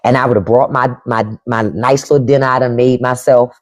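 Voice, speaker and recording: A woman's voice: extremely low pitch, fairly even intonation, brisk. A woman hosting a live stream, giving blunt, profane commentary and talking straight to her chat by name. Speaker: podcast host on a live stream.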